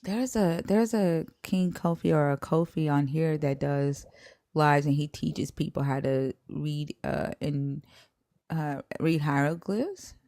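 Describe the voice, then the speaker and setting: A woman's voice: deep voice, slow pace, warm tone, dry recording, clean studio sound. A woman hosting a live stream, talking bluntly and frankly in casual chat, with restarts.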